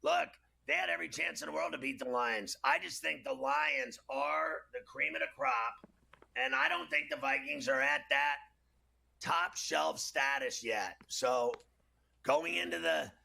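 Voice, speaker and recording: Gravelly, sharp-toned outspoken male co-host. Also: a little high, lively intonation, a little slow. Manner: blunt, incredulous, opinionated. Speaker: sports betting show co-host. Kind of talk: opinionated sports talk.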